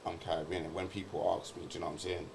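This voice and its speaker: A man's voice: deep voice, rapid-fire, gravelly, slight background noise. A young British man on a podcast, chatting casually and animatedly with London slang. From Britain. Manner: animated, uses London slang like innit and bruv. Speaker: podcast co-host. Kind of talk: casual chat.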